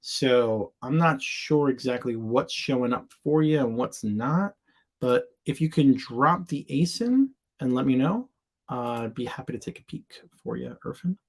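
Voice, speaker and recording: An American man hosts a casual live Q&A for sellers from a home or office in Florida, sharing his screen as he chats playfully and throws in made-up words. His mid-range voice has lively intonation and a measured pace.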